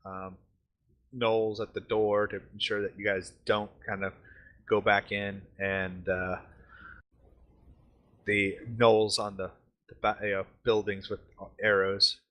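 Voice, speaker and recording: Bright-voiced male game master. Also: fairly low pitch, takes it slowly, pauses often. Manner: relaxed, explanatory, many fillers. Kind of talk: casual tabletop narration.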